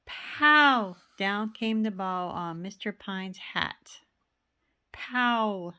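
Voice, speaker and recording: A woman's voice: medium pitch, very slow, a bit bright, clear, resonant tone. A woman reading a children's picture book aloud, rhythmic and playful with sound words. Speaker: storybook reader.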